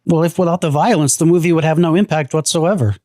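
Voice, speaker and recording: A man's voice: on the high side, fast talker, mellow, dry recording, clean studio sound. A man co-hosting a horror podcast, talking in a laid-back, wry way. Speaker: podcast co-host. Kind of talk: casual chat.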